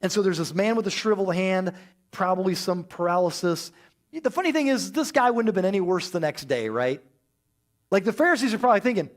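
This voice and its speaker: A man preaching a sermon with a high, lively voice that swings up and down as he talks. He slips into quick character voices for the people in his story, then drops back into plain teaching. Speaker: pastor.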